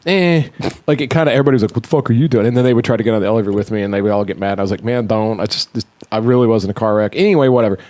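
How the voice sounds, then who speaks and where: A young adult man hosting a podcast, telling an animated, profanity-heavy story in casual chat. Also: on the low side, racing. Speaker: podcast host.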